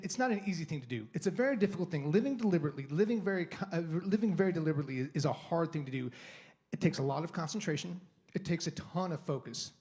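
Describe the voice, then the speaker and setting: In a church sanctuary, a guest speaker with a fairly high, darkish voice delivers a sermon. He is conversational and rambling, restarting sentences and acting out his inner monologue.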